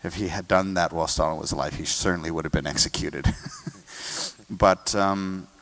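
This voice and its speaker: A man's voice: deep voice, fairly even intonation, moderate pace, gravelly, a bit bright. An American man, a guest conductor, explaining a symphony in an interview and singing snippets of melody to make his points. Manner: sings and hums melodies to illustrate points.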